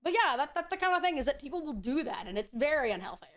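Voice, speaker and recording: A woman streamer with a high voice chats casually while she plays a game. She is blunt, profane and opinionated, and she speaks her mind. Nothing she says is held back. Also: sing-song, fast talker, slight background noise. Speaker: VTuber streamer. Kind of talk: casual chat while gaming.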